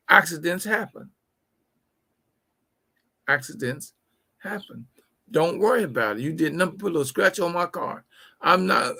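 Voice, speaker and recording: Gravelly, folksy man preaching business mindset. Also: high voice, bright, forceful tone. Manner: folksy, preachy, repeats key phrases. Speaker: host. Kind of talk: motivational business talk show.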